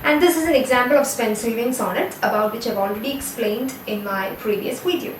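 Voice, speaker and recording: A woman's voice: a little high, a little fast, a little hiss or hum. A woman with an Indian English accent giving a recorded literature lecture, explaining steadily and correcting herself now and then. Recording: echoey room, voice from a distance, faint ambience.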